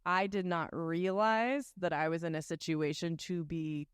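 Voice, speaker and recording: Smooth-voiced young woman telling stories. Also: lowish voice, unhurried, dry recording, studio quality. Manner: animated, acts out quoted dialogue. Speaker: podcast guest. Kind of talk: casual storytelling.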